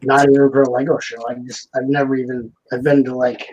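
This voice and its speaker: A man's voice: mid-range voice, little pitch movement, brisk, a little mellow, muffled recording. A man hosting a live building stream, chatting casually and jokingly while reading out viewer comments.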